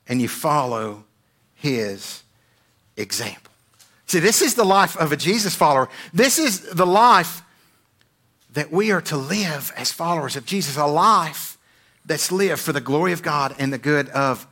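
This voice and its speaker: A male pastor delivering a Sunday sermon in a high, bright, ringing voice. He is earnest and emphatic, often checks in with "right?", and lets the ends of his phrases fall slow and low. He is preaching in a church.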